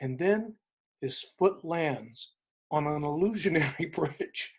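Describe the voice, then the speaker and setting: A man, an interview guest, retelling a story in an emphatic, animated way, often repeating phrases for weight. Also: fairly high pitch, takes it slowly. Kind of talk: inspirational storytelling in conversation.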